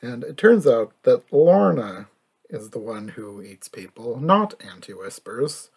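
A man's voice: mid-range voice, very animated, unhurried, slightly rough. A man co-hosting a podcast, chatting in an easygoing way about a cartoon, laughing often. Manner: easygoing, laughs a lot, uses filler "like". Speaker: podcast co-host. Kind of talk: casual chat about a cartoon.

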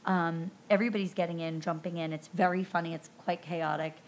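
A woman hosting a podcast, recounting a film scene by scene in a chatty, animated way, full of ums and likes. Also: fairly low pitch, brisk, slight background noise. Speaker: podcast host recapping a film. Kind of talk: casual recap narration.

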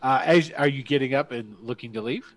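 A man's voice: medium pitch, fairly quick. A man narrating as game master in a rambling, laugh-prone way.

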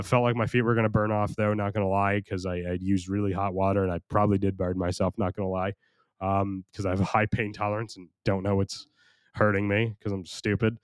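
Young American man with a low, tired, strained voice for a solo podcast, rambling and self-mocking, recorded close and dry. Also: clear, resonant tone, no room sound. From United States. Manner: rambling, crude, self-mocking, frequent restarts. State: strained, worn voice. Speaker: podcast host.

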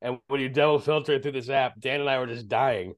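A man in casual podcast chat who tells rambling stories. His voice sits at a mid-range pitch. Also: quick pace, muffled recording. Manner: rambling, storytelling, laughs while talking. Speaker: podcast co-host.

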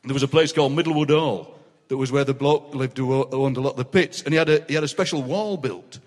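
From Yorkshire, England, this man in his sixties is the guest poet at a live interview, spinning comic, animated anecdotes full of laughter. His voice sits in the mid-range and moves at a quick pace. A live audience fills the large city hall, whose reverberation colors the recording.

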